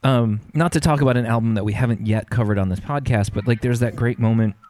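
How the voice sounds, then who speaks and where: Mellow-voiced man hosting a podcast. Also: mid-range voice, fast, no room sound, clean studio sound. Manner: rambling, many fillers and restarts. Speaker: podcast host. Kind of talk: casual chat about music.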